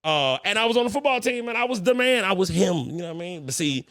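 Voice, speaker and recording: A young man from St. Louis hosting a podcast in casual chat, boastful and animated, full of profane trash talk. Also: high voice, fast, no echo, clean studio sound. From St. Louis, Missouri. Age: young adult. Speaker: podcast host.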